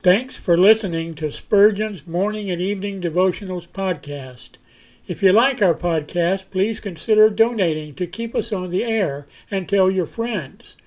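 A man hosting a podcast, reading announcements slowly and deliberately. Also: high voice, darkish tone, low-quality recording. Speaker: podcast host.

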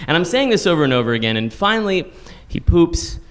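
Man, from Texas, live storytelling monologue, self-deprecating, fairly high voice. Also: brisk. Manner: animated, self-deprecating, voice jumps high when acting out panic.

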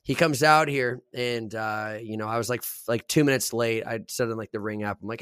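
A man's voice: medium pitch, normal speed, clean tone, no echo, clean studio sound. A man in his twenties, a podcast co-host, telling stories in casual chat with plenty of swearing. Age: 20s. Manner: swears a lot, animated storytelling.

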